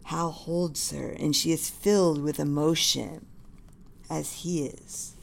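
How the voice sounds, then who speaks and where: A woman reading a screenplay aloud, narrating scenes in a reverent, measured manner. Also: deep voice, fairly even intonation, gravelly, husky.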